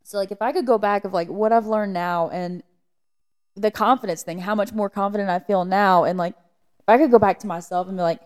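Emotional woman paramedic guest, mellow voice. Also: medium pitch, steady tone, fairly quick. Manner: earnest, heartfelt reflection. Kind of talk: casual conversation.

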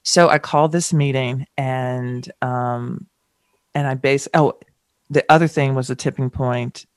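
A middle-aged woman from the American South, a guest in an interview, telling stories candidly and acting out quotes with sudden jumps in pitch. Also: unhurried, dry recording, studio quality. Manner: animated, acts out quotes with pitch jumps and laughter. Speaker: guest, chef and TV personality.

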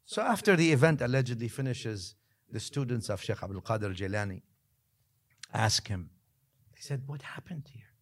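A man, a religious scholar, telling a story as a podcast guest, lively one moment and dropping to a hushed near-whisper the next, with Arabic phrases woven in. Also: medium pitch, normal speed, long pauses. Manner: mixes Arabic phrases into his talk.

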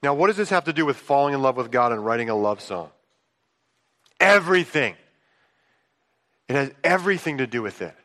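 Bright-voiced male pastor in an echoing church. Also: medium pitch, brisk, pauses often. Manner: conversational storytelling, swings between hushed asides and excited outbursts. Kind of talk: sermon. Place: church sanctuary. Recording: long reverb of a large hall.

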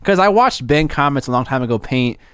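A man's voice: medium pitch, expressive, a little fast, a bit bright, clear, resonant tone, dry recording, studio quality. An American man co-hosting a casual chat, rambling and self-conscious, often trailing off. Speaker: podcast co-host. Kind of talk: casual chat about miniature painting. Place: cold basement room.

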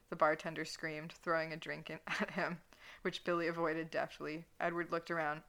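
Giggly woman with a gravelly voice. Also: low-pitched, little pitch movement, normal speed, fairly bright tone. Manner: giggly, amused. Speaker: podcast co-host. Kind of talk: reading fanfiction aloud, casual chat.

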